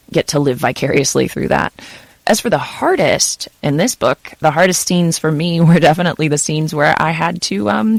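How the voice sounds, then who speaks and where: Woman, audiobook narrator, casual interview chat, gravelly voice, lots of fillers. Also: sits low, no echo. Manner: chatty, filler-heavy with frequent "kind of" and "you know".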